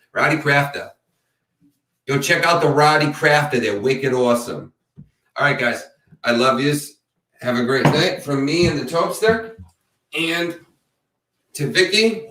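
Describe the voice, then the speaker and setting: A man's voice: mid-range voice, fairly bright tone, distant mic. A chatty man closes his live stream in a loose, rambling way and answers viewer comments as they come in. He sits back from the mic, and the sound carries in a roomy space. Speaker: true crime channel host. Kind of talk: casual live-stream sign-off.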